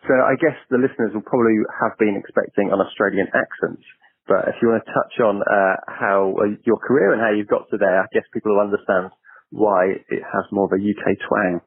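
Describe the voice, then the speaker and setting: A man's voice: fairly low pitch, fairly even intonation, fairly quick, breathy edge. A man co-hosting a podcast in a casual, chatty way, correcting himself as he goes and laughing lightly. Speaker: podcast co-host. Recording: narrow phone-like audio.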